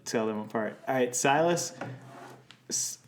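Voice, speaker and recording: Young guy goofing around recapping a show, mid pitch, casual podcast chat. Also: unhurried, a little hiss or hum. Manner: jokey, reads plot points off notes. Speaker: podcast co-host.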